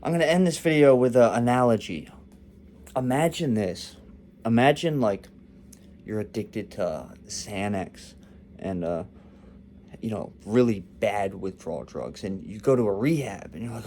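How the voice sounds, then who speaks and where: Low-voiced rambling young man. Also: animated, unhurried, a little mellow, a little hiss or hum. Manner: loose, rambling, joking storyteller. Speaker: vlogger. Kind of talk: casual rambling monologue.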